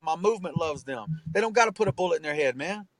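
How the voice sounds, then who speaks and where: Earnest high-pitched man, swearing freely. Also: lively intonation, fast, no room sound, low-quality recording. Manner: earnest, emphatic, swears freely, ends phrases with "man" and "bro". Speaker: rapper and tattoo artist, guest. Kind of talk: candid interview talk.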